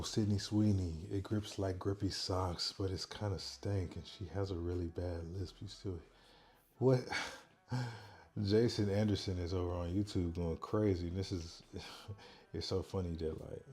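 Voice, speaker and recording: A man hosting a casual livestream, talking softly and quietly into a microphone worn on his neck. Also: low voice. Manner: soft, quiet, chill talk, reading chat aloud. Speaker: livestream host.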